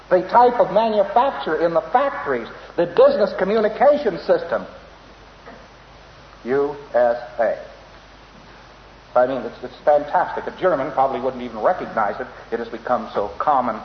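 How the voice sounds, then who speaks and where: A man lectures in a wry, storytelling manner, often chuckling at his own asides. His voice sits on the higher side. The old, dull lo-fi tape carries long hall reverb and a faint hiss. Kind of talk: informal lecture.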